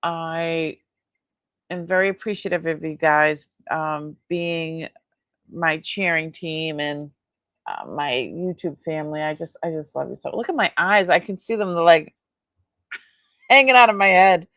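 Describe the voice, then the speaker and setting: Tired, gravelly woman host chatting. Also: sits low, measured pace, fairly bright tone, dry recording, studio quality. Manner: chatty, rambling, laughs often. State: tired, yawning. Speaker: host selling antiques in a live sale. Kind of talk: casual live-stream unboxing chat.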